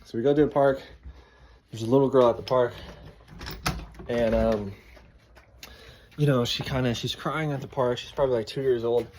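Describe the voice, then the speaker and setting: A man's voice: medium pitch, fairly even intonation, normal speed, pauses often, darkish tone, slight background noise. A man in his twenties, a father, telling a story to the camera in a loose, conversational way, with plenty of fillers and some swearing. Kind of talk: casual storytelling vlog.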